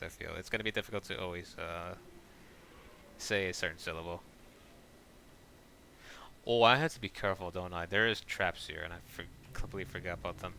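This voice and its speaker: A man chatting casually while playing a game, rambling and saying he talks too fast. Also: on the low side, pushed and bright, a little hiss or hum. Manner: rambling, self-describes talking too fast. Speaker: gaming streamer. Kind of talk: casual gameplay commentary.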